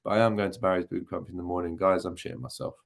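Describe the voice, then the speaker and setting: Reading the live chat on his football channel, a young host trades jokey, teasing banter packed with ums. He talks rapid-fire in a low voice with little pitch movement and vocal fry.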